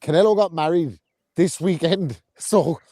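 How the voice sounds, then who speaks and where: A man co-hosting a podcast, telling jokes in an animated way and laughing often. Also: fairly high pitch, unhurried, dry recording. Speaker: podcast co-host. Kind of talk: casual banter.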